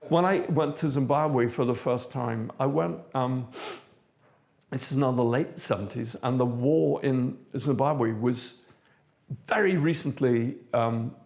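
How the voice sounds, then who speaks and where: An older man from South Africa, an interviewee recounting his past in a measured, thoughtful way with frequent pauses. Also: mid-range voice, creaky, a little mellow. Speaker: interviewee, theatre director. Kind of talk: reflective personal recollection.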